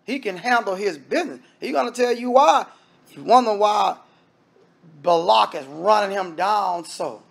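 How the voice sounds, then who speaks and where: A man's voice: sits high, unhurried, vocal fry. A man preaching a sermon in an emphatic, conversational style, speaking straight to the congregation.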